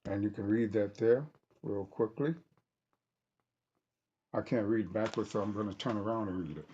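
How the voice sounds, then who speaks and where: Man slowly reading his own book aloud. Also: fairly low pitch, mellow, slightly rough, dull audio. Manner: deliberate, halting reading with restarts.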